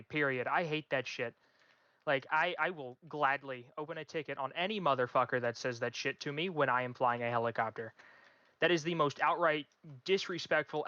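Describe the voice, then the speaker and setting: A man's voice: on the high side, pushed and bright, no room sound. A man who flies helicopters in a gaming unit, speaking over voice chat in a heated, swearing rant. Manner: fired-up, swearing, emphatic. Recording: dull, dry voice chat mic.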